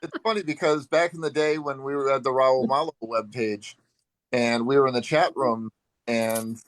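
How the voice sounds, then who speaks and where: A man's voice: medium pitch, normal speed, dry recording, low-quality recording. A man chatting on a video call, telling a long fan anecdote in an easygoing way with frequent "um" and "uh". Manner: relaxed storyteller with frequent "um" and "uh". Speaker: longtime fan, group member. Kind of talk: casual video chat storytelling.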